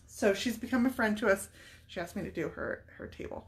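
A woman's voice: medium pitch, a little fast. A woman in her thirties or forties, a furniture-painting vlogger, thinking aloud in casual chat while she works on a piece, with a faint background hiss. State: tearful at times. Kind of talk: casual live painting demo.

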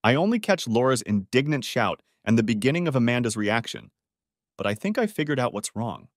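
Expressive male audiobook narrator. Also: mid-range voice, brisk, dry recording, clean studio sound. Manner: expressive storytelling. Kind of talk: scripted narration.

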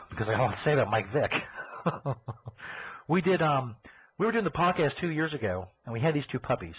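A man's voice: mid-range voice, sing-song, normal speed, slightly rough. A man hosting a live podcast, ranting crudely and sarcastically. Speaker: podcast host. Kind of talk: profane live podcast rant. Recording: tinny phone-like audio.

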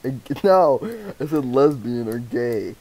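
A young male streamer chats casually with friends, giggling and egging them on, with the mic too close. His voice is medium-pitched and darkish, his pace measured, and the recording low quality.

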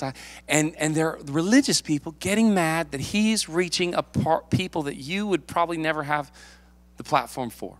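A male pastor preaching a sermon, lively and playful, acting out the people in the story. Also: on the high side, normal speed. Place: church sanctuary. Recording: long hall reverb.

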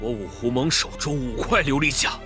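Actor playing a bright-voiced self-righteous alliance leader. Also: male voice, medium pitch, brisk, lightly acted. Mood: rousing. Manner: rousing, accusatory speechmaking. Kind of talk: period wuxia drama dialogue. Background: drama score music.

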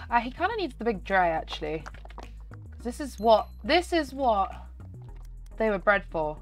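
A woman chatting excitedly through gameplay commentary, her voice nasal and slightly hoarse. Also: medium pitch, measured pace, long pauses, faint music behind. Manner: chatty and excitable, talking to viewers. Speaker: gaming channel host.

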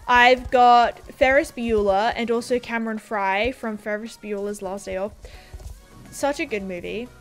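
A woman's voice: on the high side, unhurried, faint music behind. Chatty young Australian woman streaming a game. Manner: chatty, rambling, giggly, reads viewer comments aloud. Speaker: livestreamer. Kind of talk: casual livestream chat while gaming.

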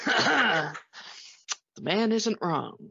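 A man with a cold co-hosts a podcast, and his bright voice sounds hesitant and good-humored. The recording is dry with no room sound. It also sounds dull and lo-fi. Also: high voice, very animated, drawn-out words, vocal fry, husky, dry recording. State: has a cold. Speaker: podcast co-host. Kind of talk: casual chat.

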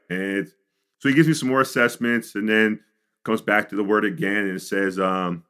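A middle-aged man from the Chicago suburbs, a podcast guest telling his life story in an animated way, with frequent "you know" and "like". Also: lowish voice, moderate pace. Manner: animated storyteller, acts out quotes. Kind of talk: storytelling interview.

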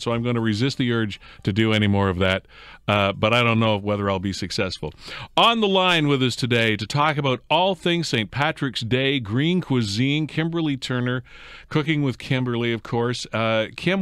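A man's voice: mid-range voice, lively intonation, fairly quick, fairly bright tone, clear, resonant tone, dry recording. Chatty male radio host, dry studio sound. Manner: chatty, joking, self-deprecating. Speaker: radio morning show fill-in host. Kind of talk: casual radio interview.

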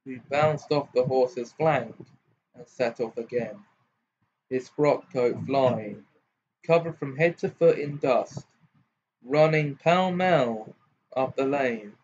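A man reading a novel aloud as audiobook narration, in a measured, even way. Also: medium pitch, highs cut off, a little hiss or hum. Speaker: reader.

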